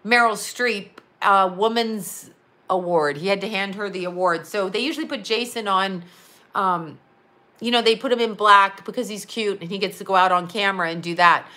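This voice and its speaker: A middle-aged woman ranting on a livestream, rambling, profane and animated as she talks straight to her viewers. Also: medium pitch, normal speed. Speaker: psychic medium and astrologer. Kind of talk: livestream rant.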